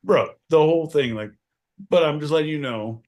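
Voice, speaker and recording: A man hosting a podcast, swearing constantly and swinging from shouting to mumbling. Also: fairly high pitch, normal speed, a crowd in the background. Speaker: podcast host. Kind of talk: crude comedic banter.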